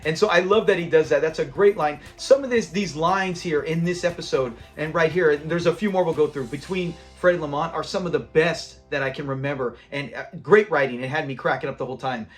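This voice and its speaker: A man hosting a casual episode review, retelling scenes in an animated way and laughing often. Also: on the high side, a little fast, few pauses, soft background music. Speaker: host of a show review channel.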